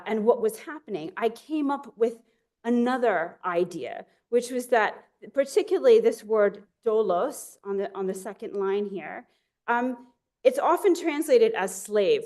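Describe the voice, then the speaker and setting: A woman's voice: on the high side, a little mellow. A woman giving an academic lecture in a chatty, self-deprecating way, with frequent fillers and restarts.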